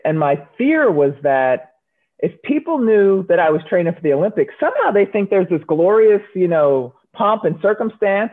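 A woman, a former Olympic shot putter, telling stories in an interview and acting out the voices of the people in them. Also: fairly low pitch. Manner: animated storyteller, acts out quoted voices. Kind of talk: storytelling interview answers. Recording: narrow phone-like sound.

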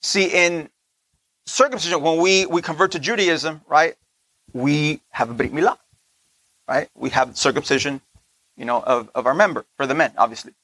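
A man giving a conversational sermon, often checking in with listeners with "right?", slowing down on key points and dropping into soft asides. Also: fairly high pitch, dry recording. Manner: slows down to stress points, laughs between lines. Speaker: teacher of a Torah portion.

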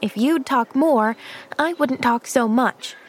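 A woman voicing a cheerful, eager young girl who chatters brightly and asks question after question, for a storybook reading. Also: high voice, slow, voice pushed up. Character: cheerful eager eleven-year-old girl.

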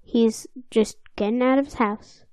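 A woman's voice: fairly high pitch, fairly even intonation, a little slow, darkish tone, slight background noise. A woman co-hosting a podcast, chatting casually and playfully, sometimes slipping into silly voices. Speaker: podcast co-host. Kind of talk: casual chat recapping a cartoon episode.

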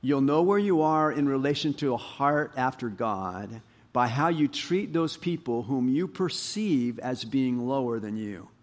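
A man preaching a sermon as pastor, animated, rising to emphatic highs and dropping low. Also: unhurried.

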